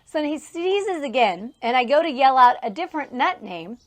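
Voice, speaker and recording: A woman in her thirties hosts a casual solo podcast outdoors near a horse trailer on a farm, telling rambling stories full of asides. Her voice is high-pitched and very animated at a normal speed, and she is chatty and laughs often.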